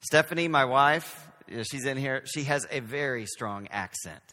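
Man, Southern accent, pastor, conversational sermon, forceful tone, long church reverb. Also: medium pitch, expressive, unhurried. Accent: Southern American. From Texas. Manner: conversational, self-deprecating.

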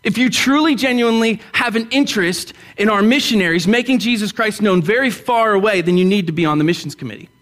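High-voiced man preaching a sermon. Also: fast talker, hardly any pauses, a bit bright. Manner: conversational and blunt, joking with the congregation; asks the congregation to respond aloud. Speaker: pastor. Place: church.

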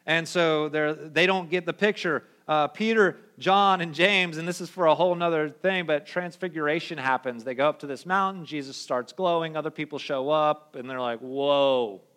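A young adult male pastor giving a casual, conversational sermon in an animated, slangy way. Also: a little high, normal speed, few pauses. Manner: animated, slangy, acts out quoted voices.

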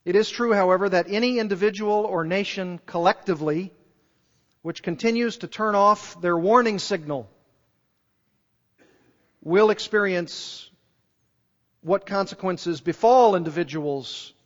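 Unhurried and leaving long pauses, a high-voiced male preacher earnestly delivers a sermon built around repeated pointed rhetorical questions. His words echo with the long reverb of a big church sanctuary, and the recording is muffled and dull.

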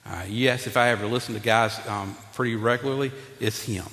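Male pastor, lively preaching style, voice carries with a long hall reverb. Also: mid-range voice, a little fast. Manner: animated, talks to congregation, acts out Bible figures. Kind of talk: sermon. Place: church sanctuary.

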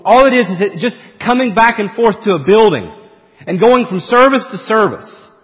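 A man preaching a sermon as pastor, swinging from emphatic, forceful peaks to quiet, low asides. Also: expressive, normal speed, big-room sound, muffled recording.

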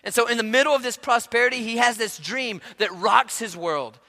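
Very high-voiced, bright male pastor preaching. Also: a little fast, long reverb tail. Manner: conversational storytelling with frequent word repeats. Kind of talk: sermon.

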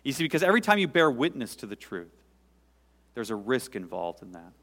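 A male pastor preaching a sermon, swelling loud and high for emphasis, then dropping to quiet, intimate asides. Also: very animated, fairly quick. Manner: dynamic preaching, sudden rises in pitch and volume, dropping to quiet asides. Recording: long hall reverb.

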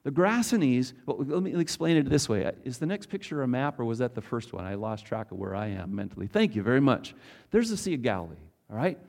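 A man's voice: mid-range voice, sing-song, fairly quick, vocal fry, a little mellow. A man preaching a casual, conversational Bible teaching, asking his audience questions as he goes.

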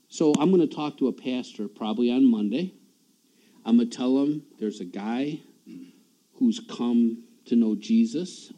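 A man's voice: mid-range voice, mellow, dull audio. A man preaching a sermon in a church, talking in a conversational way, often repeating words and chuckling at himself.

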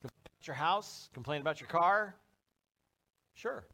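Speaking before his live congregation at a church service, this pastor delivers his sermon in a chatty, humorous style and plays out small scenes. His slightly high voice sounds animated, pushed and bright, at a normal speed.

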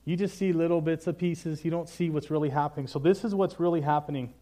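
Earnest male preacher, casual delivery, warm slightly high voice. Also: fairly even intonation, fast talker. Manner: casual and earnest, says "man" often. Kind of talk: sermon.

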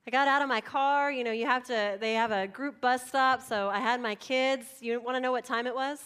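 Woman pastor, middle-aged, sermon delivery, animated storyteller who acts out voices, higher-pitched. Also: a little fast, smooth.

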